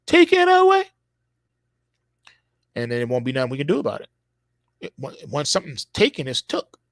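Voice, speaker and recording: A man's voice: mid-range voice, expressive, no room sound, studio quality. Emphatic man preaching on a live stream. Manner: emphatic, repetitive, drawn-out words for effect.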